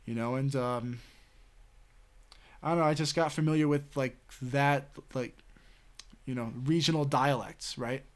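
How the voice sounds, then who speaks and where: A man's voice: medium pitch, steady tone, unhurried, long pauses. A man streaming late at night, telling a story in a rambling, casual way with lots of fillers and swearing. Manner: rambling, heavy filler words and frequent swearing.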